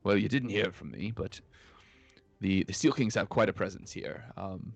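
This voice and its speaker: A man's voice: lowish voice, normal speed, vocal fry, husky, no echo. A man voicing a nervous, fawning male dockhand who stammers and hesitates constantly. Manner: stammering, fussy, full of hesitations.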